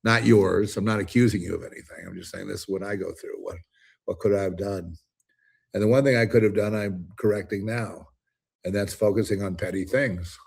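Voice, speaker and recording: A man's voice: on the low side, fairly even intonation, brisk, creaky, a little mellow, husky. A man hosting his own commentary show, ranting alone in an emphatic, rambling way with many restarts. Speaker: commentary host. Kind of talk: ranting solo monologue.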